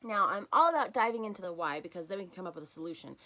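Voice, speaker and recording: A woman hosting a solo self-help podcast, talking in an earnest, encouraging way and softening to near-whispers on key phrases. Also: on the low side, lively intonation, very fast. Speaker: podcast host.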